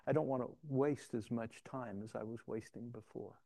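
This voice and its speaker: Gravelly, mellow-voiced male pastor. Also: mid-range voice, steady tone, moderate pace. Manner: conversational, self-deprecating storytelling with frequent restarts. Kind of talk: sermon.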